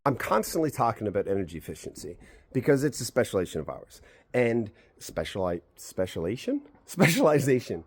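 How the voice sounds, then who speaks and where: A man's voice: lowish voice, big pitch swings, fairly quick, darkish tone, dry recording. Chatty man explaining a house build. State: a little out of breath. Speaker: real estate agent touring a house build. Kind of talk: walkthrough explainer vlog. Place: outdoors on an unroofed house frame.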